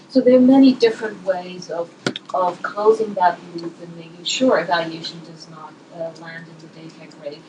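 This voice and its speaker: Woman, panel talk, measured and thoughtful, lowish voice, far from mic, clear background noise. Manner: thoughtful, measured, with frequent fillers and restarts. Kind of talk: panel discussion remarks.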